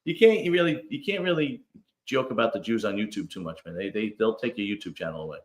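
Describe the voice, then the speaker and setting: A man's voice: fairly low pitch, animated, fast talker, roomy sound. 40s guy hosting a podcast, rambly casual chat, lots of stammering restarts. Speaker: podcast host.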